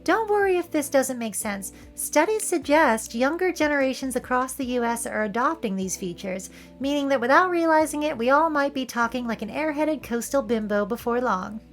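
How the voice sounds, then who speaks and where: A woman with a Californian Valley Girl accent talks casually over film clips, playful and wry. Her voice sits high. A little music plays softly underneath. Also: animated, normal speed, few pauses. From San Francisco area, California. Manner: playful, wry, joking asides. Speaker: video essay host.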